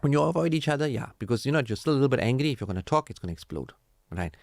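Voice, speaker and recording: A man hosting a radio marriage counselling talk, animated and preachy, acting out quoted family dialogue. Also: mid-range voice, very fast, gravelly, no room sound, studio quality. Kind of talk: casual radio advice talk.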